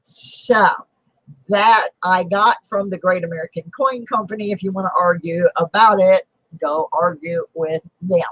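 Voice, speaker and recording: A woman's voice: lowish voice, a little slow, a bit bright, no room sound, poor audio. A middle-aged woman hosting a casual coin collecting live stream, chatting in a rambling, self-deprecating, humorous way from her home. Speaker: host of a coin collecting show. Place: home on a mountain.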